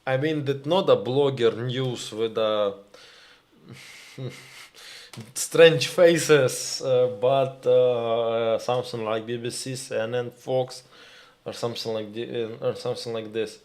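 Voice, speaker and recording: A man with a Ukrainian accent hosts a live stream, working slowly through his English and pausing often to find the next word. He speaks to his viewers directly, reads their comments aloud, and gets heated over the news. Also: medium pitch, steady tone, a little mellow. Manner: halting, searching for words, addresses viewers as "my dears".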